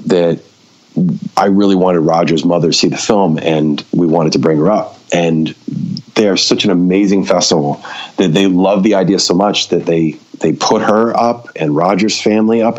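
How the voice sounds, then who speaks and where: A man's voice: low voice, highs cut off. A man, a documentary filmmaker on a podcast, tells a story casually and acts out the people he quotes. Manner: animated, acts out quoted dialogue.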